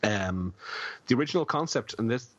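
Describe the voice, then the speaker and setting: A man's voice: medium pitch, lively intonation, brisk, a bit bright, slightly rough, no room sound. A man on a casual podcast, a little drunk and slurring, rambling through film trivia with many fillers. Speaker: podcast co-host. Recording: dull lo-fi dry sound.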